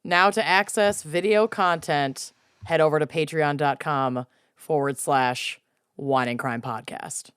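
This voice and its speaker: A woman's voice: deep voice, a little slow, smooth, dry recording, studio quality. A woman co-hosting a podcast in casual chat, enthusiastic and talkative. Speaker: podcast co-host.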